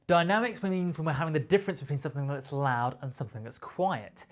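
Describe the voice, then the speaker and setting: A man's voice: a little high, fast. A man with a British accent teaching a drum lesson, explaining patiently and counting beats aloud. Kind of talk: instructional explanation.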